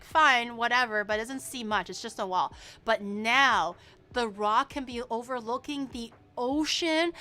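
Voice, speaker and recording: A young woman streamer chatting casually to her viewers, animated and swearing, her voice swinging from loud bursts to low mumbles.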